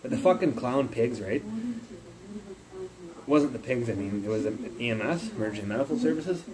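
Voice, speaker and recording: A man's voice: medium pitch, expressive, moderate pace, a crowd in the background, rough recording. A man livestreaming from his phone, ranting in a rambling, profane, casual way. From Canada.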